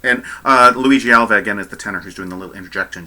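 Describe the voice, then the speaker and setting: A man talks through an opera recording in a loose, rambling way, stopping to correct himself and then getting excited again. His voice sits a little low but has a strongly bright, sharp edge. It sounds like an unscripted casual commentary. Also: very fast. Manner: rambling, self-correcting, chatty and animated.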